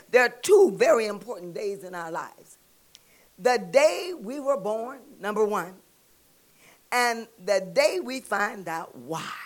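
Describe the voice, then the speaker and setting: A woman preaching a sermon with a Southern US accent, calling out to the congregation and building to shouts. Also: on the high side. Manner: call-and-response preaching, rising to shouts.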